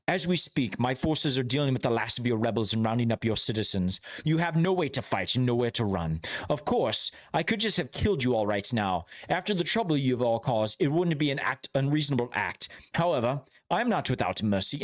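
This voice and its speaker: A man's voice: mid-range voice, close to an everyday voice. A man voicing a smug, menacing elven lord who threatens and condescends in a game quest. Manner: slow, sneering, condescending.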